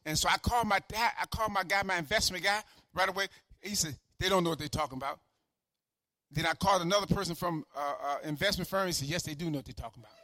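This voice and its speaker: Older male pastor, fiery repetitive sermon delivery, high bright voice. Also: dry recording, clean studio sound. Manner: fervent preaching, swings from shouting to quiet asides; repeats phrases for emphasis.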